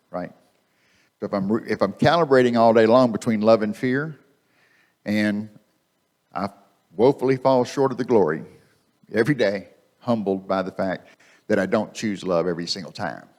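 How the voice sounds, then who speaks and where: Male speaker, lower voice, relaxed conversational sermon with repeated phrases, church mic. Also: a little fast. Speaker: guest speaker. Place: church sanctuary. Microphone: microphone.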